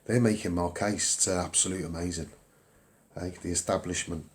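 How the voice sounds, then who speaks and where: A man's voice: sits low, steady tone, a little fast. Rambling Scouse man on a livestream. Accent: Liverpool (Scouse). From England. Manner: rambling, upbeat, repeats himself, many ums. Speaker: campaigner livestreaming to viewers. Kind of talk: casual livestream chat.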